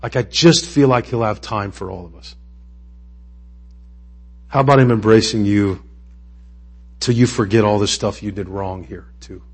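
A man's voice: fairly low pitch, moderate pace, long pauses, husky. A man preaching a sermon in a conversational, emotional way that rises to impassioned peaks. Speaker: pastor.

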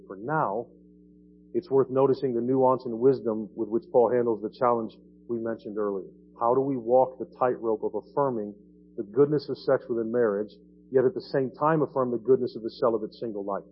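A man preaches in a church, relaxed and conversational, with frequent "right?" tags aimed at the congregation. The recording sounds dull and lo-fi, with a faint hum underneath. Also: mid-range voice. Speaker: pastor. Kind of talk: sermon. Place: church sanctuary.

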